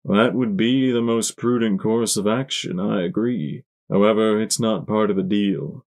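A polite, measured pony villain in armor speaks softly and gallantly, as a man reads him. His voice sits low and unhurried. It is an audiobook read. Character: calm, courtly male pegasus villain in armor.

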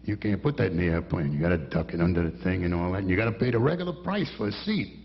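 A man doing a low, gravelly airline captain who curtly turns down a passenger. The sound is dull, lo-fi live concert audio. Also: expressive, quick pace, slight background noise. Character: gruff male airline captain laying down rules.

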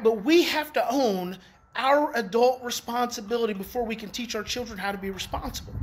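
A man and parenting educator in a casual daily talk to viewers. He is emphatic, repeats key phrases and swings in pitch. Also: a bit bright. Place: outdoors in the evening.

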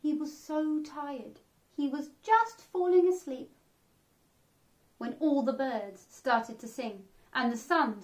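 A woman reading a children's picture book aloud, animated and expressive, acting out the sound effects. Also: sits high. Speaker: children's storyteller.

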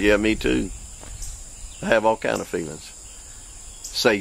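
A man, a preacher and show host who tells stories in a folksy, excitable way, his voice jumping high when he acts out other people. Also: unhurried, creaky, long pauses, slight background noise. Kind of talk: informal preaching with storytelling.

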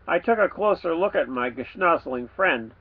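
A man, the author, reading his children's storybook aloud with playful, expressive delivery. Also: fairly high pitch, moderate pace, slightly rough, phone-quality sound.

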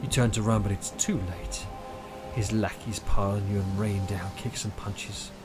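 A man's voice: fairly low pitch, fairly even intonation, normal speed, over loud music, pitched below the performer's own voice, natural voice. A man doing an over-the-top voice for a spoof insurance advert, in a theatrical voice-over delivery. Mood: ominous.

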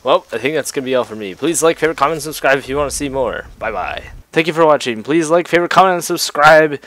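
A young man giving excitable gaming commentary, yelping and reacting to the game as he plays at his computer. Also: fairly high pitch, fast, a little hiss or hum. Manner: excitable, yelps and laughs at the game. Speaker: gameplay youtuber. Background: gunfire from the game.

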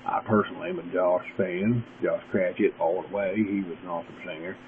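Man, deep drawling gurgly voice, folksy rambling vlogger, tinny lo-fi audio. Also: fairly even intonation, a little fast. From West Virginia. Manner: folksy, meandering, opinionated. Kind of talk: casual rambling monologue. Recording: tinny lo-fi webcam audio with faint hiss.

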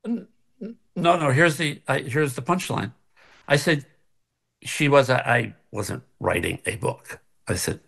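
This older man, an actor, recounts an anecdote over a video call from his home kitchen, frequently laughing and performing the voices of those he quotes. His mid-range, expressive voice is fairly bright and slightly rough, with vocal fry; he speaks a little slowly and pauses often.

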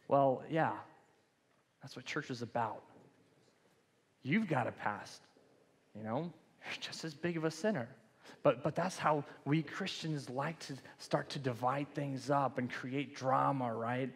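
A man's voice: mid-range voice, a little slow, long pauses, slightly rough. Casual preaching man in a reverberant church. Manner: casual, joking, conversational preaching. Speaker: pastor. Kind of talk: sermon. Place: church sanctuary. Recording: long church hall reverb.

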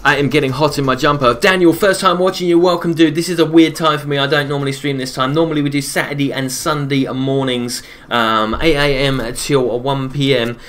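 A man streaming a game live, chatting casually, reading viewers' messages aloud and answering them between quick calls about the play. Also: medium pitch. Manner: relaxed, chatty, repeats his own phrases. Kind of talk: casual live-stream commentary while gaming.

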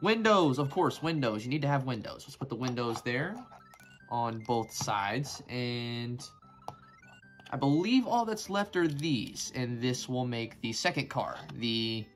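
A man chats his way through a toy build in a loose, rambling manner and keeps drifting into jokes. His voice sits at an ordinary middle pitch. Faint music plays under him. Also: animated, measured pace. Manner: rambling, joking, easily sidetracked. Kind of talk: casual build commentary.

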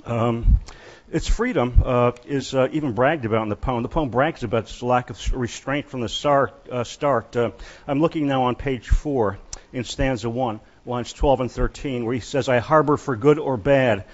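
A male lecturer talks his way through a poetry class, stopping often with fillers and false starts. His voice sits at an ordinary middle pitch. The recording is slightly muffled and dull. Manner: halting, many fillers and restarts. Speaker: literature lecturer.

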